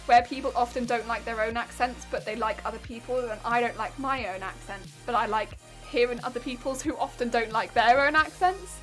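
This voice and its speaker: A woman's voice: a little high, fairly quick, hardly any pauses, fairly bright tone. A woman streamer chatting casually and rambling while she crafts, often repeating words. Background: faint background music.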